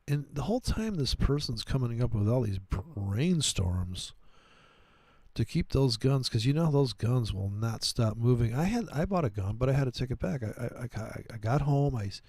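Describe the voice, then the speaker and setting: A man's voice: medium pitch, lively intonation, moderate pace, darkish tone, no room sound. A man hosting a trading livestream, ranting crudely and mockingly in a casual, profane way. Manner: crude, mocking, puts on silly voices for quotes. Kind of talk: rambling profane political rant.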